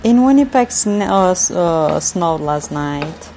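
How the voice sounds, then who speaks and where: Slow-talking woman streaming while cooking. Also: on the low side, animated, dark tone, a little hiss or hum. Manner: chatty, laughs often while reading chat. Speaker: live streamer. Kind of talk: casual cooking livestream chat. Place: home kitchen.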